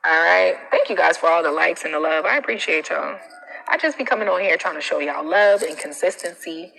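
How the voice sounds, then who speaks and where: Emphatic, bright-voiced woman coach. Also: lowish voice, brisk, creaky, a little hiss or hum, rough recording. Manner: animated, emphatic, preachy with slang asides. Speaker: self-confidence coach hosting a live stream. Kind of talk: casual live-stream talk.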